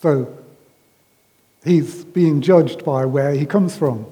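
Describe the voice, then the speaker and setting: A man with a somewhat high, mellow voice preaches a conversational sermon. He talks in an unhurried way and often stops to say um or restart a sentence. His voice rings with the long reverb of a large hall. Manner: unhurried, with frequent ums and restarts.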